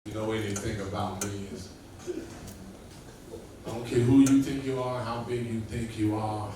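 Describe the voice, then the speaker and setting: A man's voice: lowish voice, steady tone, normal speed. Profane male comic in an echoey club. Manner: profane, loose storytelling with acted-out quotes. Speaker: stand-up comedian. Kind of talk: stand-up storytelling. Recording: echoey, distant room mic with ambient noise.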